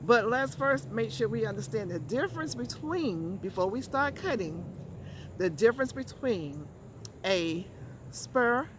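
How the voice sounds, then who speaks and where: A woman's voice: a little high, lively intonation, measured pace, background noise. A woman hosts a casual how-to vlog from her backyard garden, chatting straight to viewers and repeating words for emphasis. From Georgia, USA. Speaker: gardening channel host.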